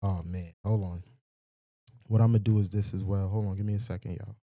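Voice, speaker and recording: A livestream host speaks directly to his chat in a loose, slangy, profane way, using a desk microphone and doing mic checks. His low voice is very dark and mellow, with a steady tone and a brisk pace. The recording is dry and close, with no room sound.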